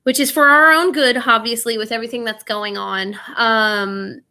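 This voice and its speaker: A woman's voice: fairly high pitch, fairly even intonation, moderate pace, sharp tone. A woman teaching a live online class, chatty and informal, often stopping to ask "right?" and using a lot of fillers.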